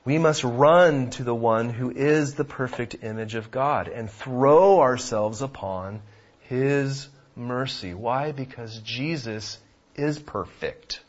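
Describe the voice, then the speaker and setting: A man preaching a sermon, emphatic, swinging between loud passages and hushed ones, on a dull lo-fi recording. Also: mid-range voice, slow pace. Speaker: pastor.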